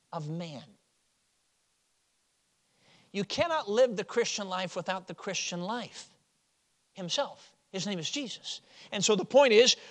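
A man from Chicago preaching a sermon, moving from loud stressed phrases to quiet, low drops. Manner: swings from loud emphasis to quiet drops, with chuckles.

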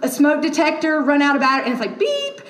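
A woman with a high, bright-pitched voice preaches a casual, story-filled sermon. She talks in a chatty way, full of ums and asides. The sound is roomy, with the echo of a church hall. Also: fairly even intonation, rapid-fire. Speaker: pastor. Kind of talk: conversational sermon.

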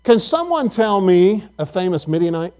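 A man's voice: high voice, big pitch swings, normal speed, a little mellow. A man preaching a Bible lesson, asking his listeners questions and often repeating words as he goes.

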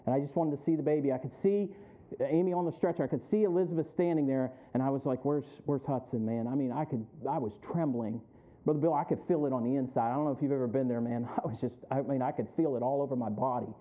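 A middle-aged man preaching a sermon as pastor, telling a personal story and then building up to loud, high-pitched preaching. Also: fast. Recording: tinny phone-like sound.

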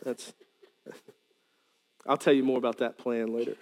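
A male pastor preaching a sermon, animated, with joking asides and sudden loud quoted lines. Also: medium pitch, normal speed, in a large hall, a little hiss or hum.

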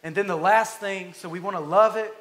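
A man's voice: high-pitched, a little fast, fairly bright tone. A man preaching a sermon, earnest and emphatic, building his points through repeated phrases. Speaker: pastor.

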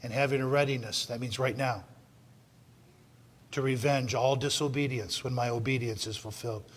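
A man preaching a sermon, repeating his lines for emphasis and swinging between loud shouts and low, intense stretches. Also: steady tone, normal speed, big-room sound. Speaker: pastor.

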